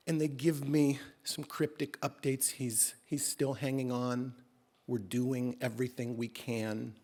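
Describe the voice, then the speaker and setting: A man with a mid-range voice and a measured pace performs a true first-person tale live at a story slam. He's animated and works in comic exaggeration with a deadpan touch.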